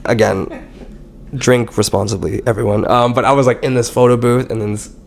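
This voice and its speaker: Man, podcast guest, animated swearing storyteller, mid pitch, faint room noise. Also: brisk, creaky. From Canada. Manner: animated, swearing, quotes himself and others in a lively voice. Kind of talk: casual storytelling chat.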